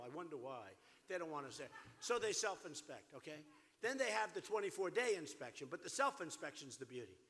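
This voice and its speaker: Forceful, lively man at a rally. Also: high-pitched. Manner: emphatic, repetitive, rambling asides. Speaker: presidential candidate. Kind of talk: campaign rally speech. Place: large rally venue. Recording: echoey hall with PA reverb.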